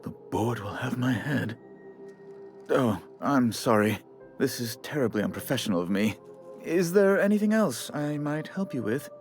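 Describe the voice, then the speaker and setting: A man's voice: medium pitch, lively intonation, normal speed, lightly acted. A man playing a prissy corporate bureaucrat. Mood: prim. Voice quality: prim, theatrical, mannered delivery. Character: fussy, condescending corporate male bureaucrat. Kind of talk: video game dialogue. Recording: soft game music behind.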